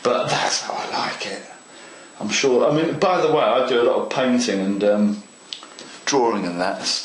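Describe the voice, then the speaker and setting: A man with a voice on the low side hosts a model railway tutorial, eagerly chatting to the viewer as he does a hands-on craft demonstration. The rough recording has an echoey room and slight background noise.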